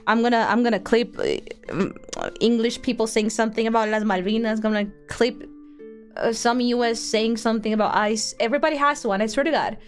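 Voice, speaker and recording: A young woman from Colombia, chatting excitably on a livestream, laughing often and swearing freely. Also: a little high, brisk, soft background music. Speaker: streamer. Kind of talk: casual livestream chat.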